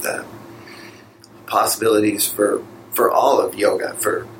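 A man, a yoga teacher and guest, who answers slowly and haltingly, searching for his words. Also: on the low side, level tone, slight background noise, low-quality recording. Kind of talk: casual conversation.

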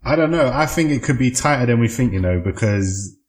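A man's voice: medium pitch, brisk. A man co-hosting a podcast in casual chat, rambling with lots of fillers. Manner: relaxed, rambling, many fillers and restarts. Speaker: podcast co-host. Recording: echoey room.

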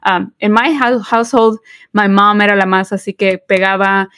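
A woman's voice: medium pitch, steady tone, moderate pace, a bit bright, clean tone, no echo. Woman in her forties, chatty podcast co-host, dry close mic. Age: 40s. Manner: code-switching between English and Spanish, many fillers and restarts. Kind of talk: casual podcast chat.

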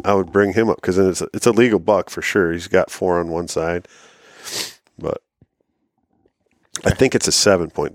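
Hesitant low-voiced man. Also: dry recording, clean studio sound. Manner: hesitant, rambling. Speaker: podcast co-host. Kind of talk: casual chat.

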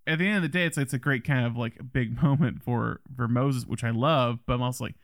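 A man's voice: medium pitch, a little fast, no echo, studio quality. A man co-hosting a film podcast, talking casually and rambling with restarts. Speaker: podcast host.

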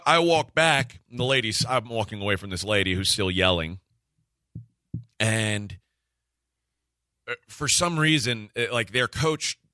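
A man hosting a sports radio show, telling a story in casual chat, animated and acting out the quotes with frequent laughs. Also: fairly low pitch, dry recording, clean studio sound. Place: radio studio.

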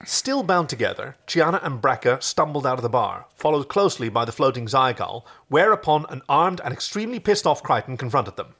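A man co-hosting a casual podcast, chatting and reading fan fiction aloud in an expressive way. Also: mid-range voice, fairly quick, few pauses. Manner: animated, expressive, jumps into voices. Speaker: podcast co-host.

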